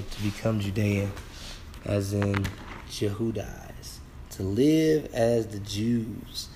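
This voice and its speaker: Slow, wondering man studying word roots. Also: fairly low pitch, warm tone, a little hiss or hum. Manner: slow, exclaims wow, sounds out words. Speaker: Bible word-study teacher. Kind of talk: casual Bible word study.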